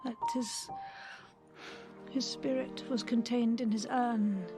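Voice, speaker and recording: An actress playing a lonely, haunted girl who talks softly and hesitantly. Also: a little high, steady tone, takes it slowly, over music. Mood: troubled. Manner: soft and hesitant, fearful.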